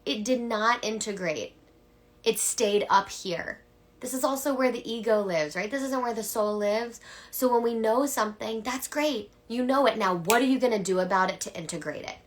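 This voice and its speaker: A young woman coach talking casually to her viewers in an earnest tone, often dropping into a breathy whisper and swearing now and then. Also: a little high, normal speed. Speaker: coach and mentor. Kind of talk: casual live-stream pitch.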